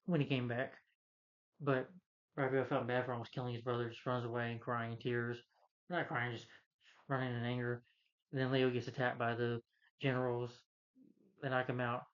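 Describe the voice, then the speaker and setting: A man's voice: mid-range voice, level tone, quick pace, muffled recording. Rambling man recapping a movie plot. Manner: rambling, loose retelling full of "you know". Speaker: film reviewer.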